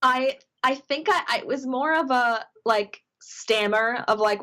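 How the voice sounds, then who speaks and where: Brief: woman from Minnesota, cohost on a video call, slightly high voice, chatty storyteller who acts out the quotes. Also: unhurried, hardly any pauses. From Minnesota, USA. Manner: animated storyteller, acts out quoted dialogue, many fillers. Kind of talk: casual chat.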